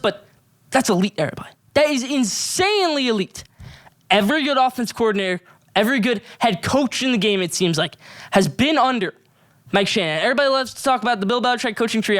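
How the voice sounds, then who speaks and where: A man's voice: high-pitched, a bit bright. A man hosting a sports podcast, ranting emphatically about football coaches and players. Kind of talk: solo sports rant.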